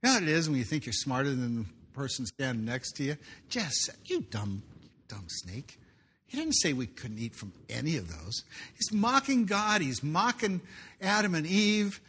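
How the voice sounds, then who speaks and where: Animated, bright-voiced male preacher. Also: fairly high pitch, normal speed, breathy edge. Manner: animated, jokey asides, reads scripture aloud. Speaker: pastor. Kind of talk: sermon.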